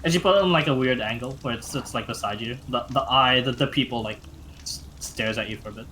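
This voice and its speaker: Halting young male game master. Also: medium pitch, pushed and bright, a little hiss or hum. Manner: halting, many fillers and restarts. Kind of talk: narrating a tabletop game.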